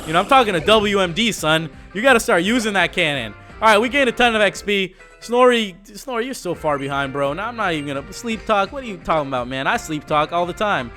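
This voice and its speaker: A man's voice: sits high, expressive, fast talker, few pauses, bright, forceful tone, soft background music. A man giving casual, laid-back commentary while playing a video game, slangy and joking. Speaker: let's play host.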